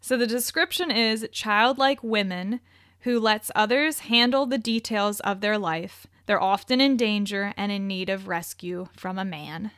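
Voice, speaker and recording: A woman's voice: medium pitch, a little slow, a bit bright, dry recording, clean studio sound. A woman co-hosting a casual podcast chat, reading out descriptions with wry asides and frequent laughs. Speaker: podcast co-host.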